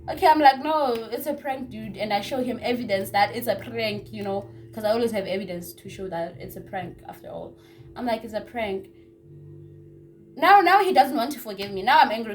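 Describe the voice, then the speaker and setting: Young woman vlogger, a bit high-pitched, chatty storyteller who repeats herself and drops to hushed asides. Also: normal speed, faint music behind. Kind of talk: casual story time.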